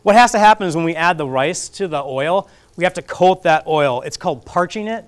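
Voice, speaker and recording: A fairly quick, slightly high male voice, clear and resonant, with lively intonation. He's running a casual cooking class in a community kitchen classroom, narrating each step of a recipe as he cooks. He keeps up a chatty, jokey patter and pokes fun at himself.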